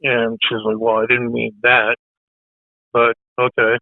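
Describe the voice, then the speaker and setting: Hoarse male guest, halting delivery, thin phone-like sound, dry. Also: mid-range voice, completely flat delivery, no room sound. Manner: halting, hesitant speech. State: losing his voice. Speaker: military veteran guest. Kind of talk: casual podcast interview. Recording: tinny phone-like line.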